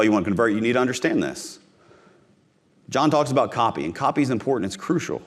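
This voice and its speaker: A man from Missouri giving a live conference talk on sales, punchy and direct, repeating his key phrases and speaking straight to the audience. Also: mid-range voice. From Missouri, USA.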